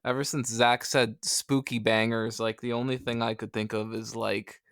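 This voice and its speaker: On a casual comics podcast, a male co-host rambles and makes self-deprecating jokes. His medium-pitched voice is clear, resonant, and fairly bright, with a level tone and normal pace. The recording is dry and has a clean studio sound.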